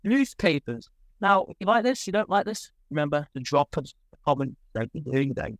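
A man's voice: fairly high pitch, very animated, brisk, a bit bright, no room sound, studio quality. A young man co-hosting a casual podcast, rambling and laughing as he talks. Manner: rambling, self-interrupting, laughs often. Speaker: podcast co-host.

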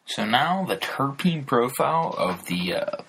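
A man's voice: medium pitch, very animated, measured pace, vocal fry, a bit bright, slight background noise, poor audio. A man hosting a podcast, talking casually with many fillers and restarts. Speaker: podcast host. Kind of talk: casual unscripted commentary.

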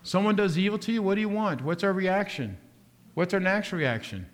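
A man's voice: sits high, lively intonation, brisk. A man preaching a sermon. He asks his listeners rhetorical questions and keeps shifting his pace. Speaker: pastor.

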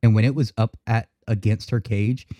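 A man hosting a podcast in casual chat, telling animated stories full of swearing and frequent laughter. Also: fairly low pitch, normal speed, no room sound. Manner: profane, laughing, animated storytelling. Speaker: podcast host.

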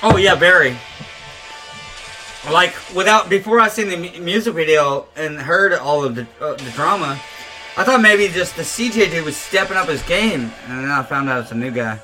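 A young man co-hosting a podcast, talking excitedly about metal music in casual chat, swearing and emphatic. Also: on the high side, normal speed, poor audio. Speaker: podcast co-host.

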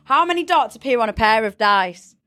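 A woman's voice: on the high side, expressive, a little fast, pushed and bright. Playful woman running a quiz. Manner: playful, teasing, gives clues. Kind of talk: casual quiz chat.

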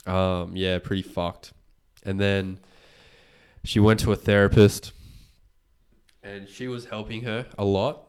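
A man, hosting a podcast and retelling a story in casual chat, animated and swearing freely. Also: on the low side, slow pace, clear, resonant tone. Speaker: podcast host.

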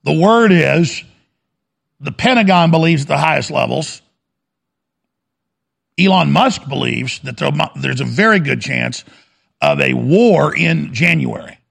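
A man's voice: on the high side, animated, measured pace, pauses often, fairly bright tone. A man hosting a talk show, delivering an urgent, fiery monologue full of repetition. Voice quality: gravelly. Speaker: radio talk host. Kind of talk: impassioned monologue.

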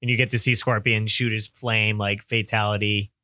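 Low-voiced man chiming in quietly. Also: little pitch movement, normal speed, no echo. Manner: agreeable, quiet, brief chiming in. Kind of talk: casual chat.

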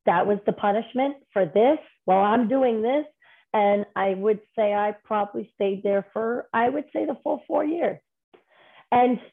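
A woman speaks as a guest in casual conversation, her voice at an ordinary middle pitch. She tells her stories candidly and rambles, restarting her sentences as she goes. The sound is thin and tinny, like a phone line. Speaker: podcast guest.

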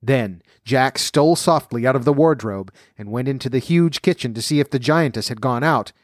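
A man's voice: medium pitch, moderate pace, no room sound. Man reading a fairy tale, dry sound. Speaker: storyteller.

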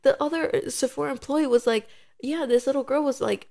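A young woman in her twenties chats on a podcast, and her voice sits a little high. She tells her story with energy and acts out what each person said in quick quoted voices. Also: vocal fry, mellow. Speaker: podcast co-host. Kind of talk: casual chat.

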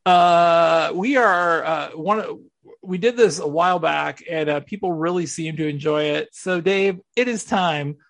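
A man's voice: fairly high pitch, a little slow, creaky, fairly bright tone, no echo. A man hosting a sports radio podcast, explaining clips in a casual, mock-serious way. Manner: mock-serious, walks through audio clips. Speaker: podcast host.

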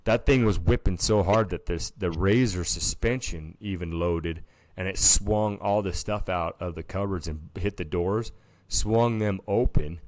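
A little slow and deep-voiced, this man co-hosts a casual podcast, telling a story with animation and plenty of filler words. No echo is audible.

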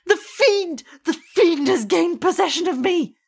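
A woman's voice: fairly high pitch, measured pace, darkish tone, slightly rough. A woman voicing an earnest young student. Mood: frantic shrieking. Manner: earnest, pleading, turns to frantic shrieks. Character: young male student, passionate idealist.

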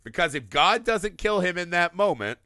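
A man's voice: sits high, sing-song, moderate pace, bright, forceful tone, dry recording, clean studio sound. A man co-hosting a casual film discussion, irreverent and profane, laughing often. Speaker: podcast co-host.

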